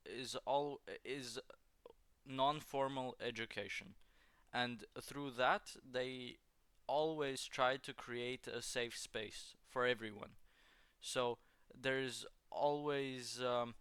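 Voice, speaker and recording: A man talking earnestly and without hurry, leaving space around his words with soft "uh" pauses. His voice is smooth and clean, recorded dry with no room sound. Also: mid-range voice, dry recording. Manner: slow, measured and earnest, with hesitant "uh" pauses. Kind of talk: casual conversation.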